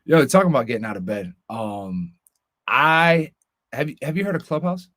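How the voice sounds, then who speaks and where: A man co-hosting a casual podcast, swearing constantly and mimicking family members in high voices. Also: big pitch swings, moderate pace, fairly bright tone, dry recording, studio quality. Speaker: podcast co-host.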